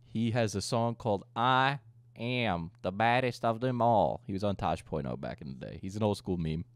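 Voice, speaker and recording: Young male host, low and dry, crude rambling chat. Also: animated, normal speed, dry recording. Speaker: streamer and host. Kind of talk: casual podcast chat.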